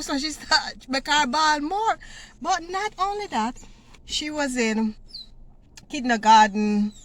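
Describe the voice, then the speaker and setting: A middle-aged woman telling a story in a vlog, animated and often laughing as she talks. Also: high-pitched, a little hiss or hum. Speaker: vlogger.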